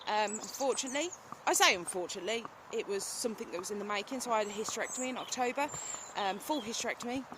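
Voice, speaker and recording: A woman in her thirties with a British accent talks into her phone while riding her horse through fields. She rambles in a relaxed, chatty way, full of ums, and sometimes turns to speak to the horse. Faint outdoor noise runs behind her. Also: mid-range voice, racing, hardly any pauses. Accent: British English. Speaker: vlogger. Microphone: phone held while riding. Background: outdoor ambience with animal sounds.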